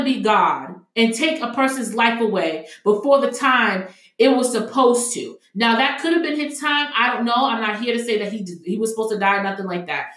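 A woman's voice: a little high, moderate pace, a bit bright. A young adult woman co-hosting a casual podcast, talking emphatically and heatedly with many fillers. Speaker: podcast co-host. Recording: echoey room.

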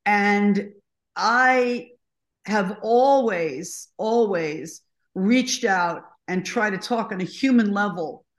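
A woman guest in an interview, telling stories in an animated, emphatic way. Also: mid-range voice, takes it slowly. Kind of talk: conversational storytelling. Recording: echoey room.

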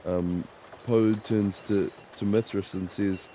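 Low mellow guy at the game table, halting, soft-spoken. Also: steady tone, a little hiss or hum. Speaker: player.

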